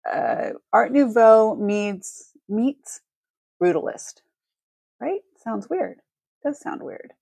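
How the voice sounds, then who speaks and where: A woman's voice: on the high side, animated, takes it slowly, gravelly, a little mellow, no echo. A woman hosting a casual live-stream, chatty and effusive as she thanks viewers and shows jewelry. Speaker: livestream jewelry seller.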